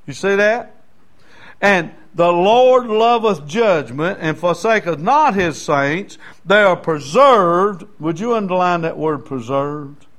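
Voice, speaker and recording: A middle-aged man preaching a sermon, folksy and storytelling, rising now and then into shouting. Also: high-pitched, expressive, slow. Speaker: pastor.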